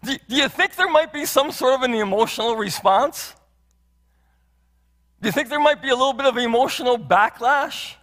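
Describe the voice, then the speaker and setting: This earnest sermon comes from a male pastor whose voice is extremely high and fairly bright, moving at normal speed. Speaking in a church sanctuary with long hall reverb, he poses many rhetorical questions and repeats phrases often.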